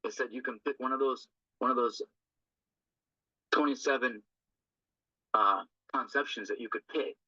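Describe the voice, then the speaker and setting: An earnest man works through a recovery reading in a loose, rambling way, often tagging on a quick question to his listeners. His voice is very bright and forward. The recording is dry and dull, with a lo-fi sound. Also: medium pitch, dry recording. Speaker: recovery group speaker. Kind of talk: informal talk on a recovery text.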